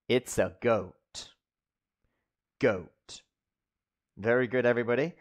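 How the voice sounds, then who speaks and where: Very slow, lively man teaching English. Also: mid-range voice. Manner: slow, drawn-out repetition with playful animal noises. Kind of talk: children's ESL vocabulary lesson.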